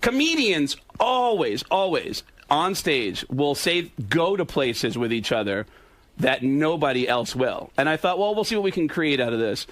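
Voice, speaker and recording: A male comedian on a radio show, telling stories in a giggly, animated way, with lots of cursing. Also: on the high side, moderate pace, no room sound. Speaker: comedian guest. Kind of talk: casual storytelling.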